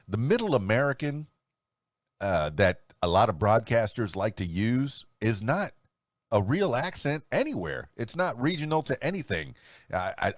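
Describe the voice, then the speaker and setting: A man's voice: mid-range voice, no room sound, studio quality. A middle-aged man, hosting his own podcast in a chatty, self-amused way. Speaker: podcast host and DJ. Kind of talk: casual solo podcast talk.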